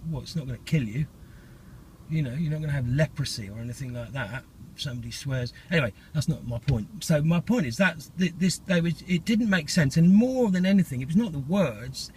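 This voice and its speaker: A middle-aged man rambles through a casual vlog monologue, stopping and restarting his sentences with plenty of ums. His voice sits a touch high for a man, with a faint hiss of noise underneath. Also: animated, fairly quick, darkish tone. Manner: rambling and chatty, with many fillers and restarts.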